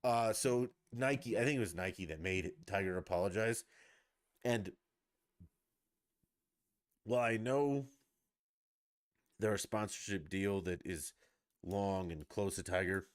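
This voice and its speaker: A man's voice: sits low, slow, pauses often, dry recording, studio quality. A middle-aged man ranting casually as a podcast host, blunt, mocking and profane.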